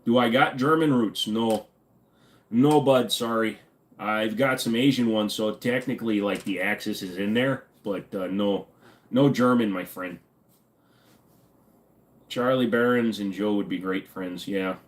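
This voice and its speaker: A man's voice: on the low side, unhurried. A man in his forties hosting a casual livestream, reading chat messages aloud and answering them in a joking, offhand way. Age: 40s. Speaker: livestream host.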